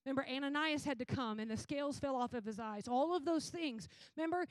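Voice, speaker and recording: Woman preacher who tells sermon stories in a lively way with casual slang. Voice is high. Sound is dry. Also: fast, few pauses, dry recording. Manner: animated, casual storytelling with slang.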